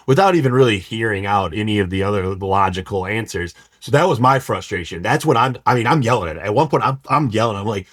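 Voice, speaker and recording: Low-voiced frustrated male guest. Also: steady tone, fairly quick, few pauses, dry recording, studio quality. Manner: frustrated, rambling with restarts. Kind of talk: casual group conversation.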